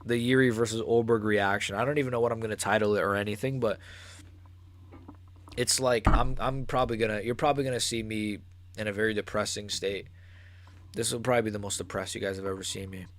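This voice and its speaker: Excitable young man ranting about fights. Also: lowish voice, fast, slight background noise. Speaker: MMA channel host. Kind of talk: live fight reaction stream.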